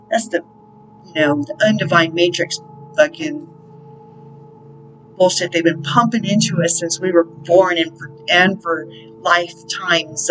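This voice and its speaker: On her spiritual channel, a counselor and host talks in a loose, meandering monologue, padded with fillers and dotted with a swear word here and there. Her pitch is fairly low and the audio quality is poor.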